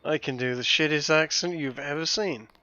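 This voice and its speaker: A man chatting through a game, joking and swearing with a crisp, bright voice pitched a bit high. The sound is a little dull and lo-fi. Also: normal speed. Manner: joking, swearing, self-mocking. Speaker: gaming host. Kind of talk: casual let's-play chat. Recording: dull lo-fi mic.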